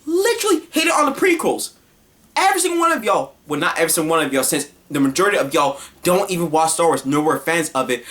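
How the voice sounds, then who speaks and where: Fairly high-pitched and a little bright, a woman vents as an online commentator in a ranting vlog monologue. She's heated and scornful, repeating her points and talking over herself.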